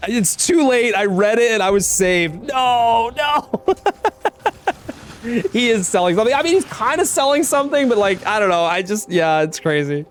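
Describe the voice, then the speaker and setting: A man's voice: sits high, expressive, moderate pace, hardly any pauses. A man streaming, chatting casually as he reacts to his own run, laid-back, swearing and laughing often. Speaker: game streamer.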